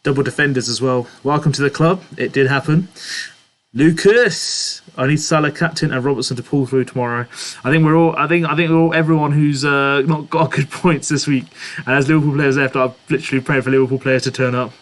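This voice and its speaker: A man's voice: medium pitch, fairly even intonation, fast. Man chatting through a live stream. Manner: reads chat names aloud and answers, chatty with laughs. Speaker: livestream host answering chat. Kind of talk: casual live-stream chat.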